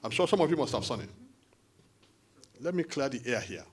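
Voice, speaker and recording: Animated Nigerian man addressing a forum. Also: medium pitch, slightly rough. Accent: Nigerian English. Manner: animated, conversational, quick asides. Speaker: diaspora party official addressing a support forum. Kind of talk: addressing a meeting.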